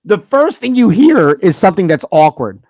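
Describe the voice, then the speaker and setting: A man hosting a podcast, telling animated party stories in casual banter, swearing and laughing often. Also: high voice, normal speed, dry recording, muffled recording. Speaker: podcast host.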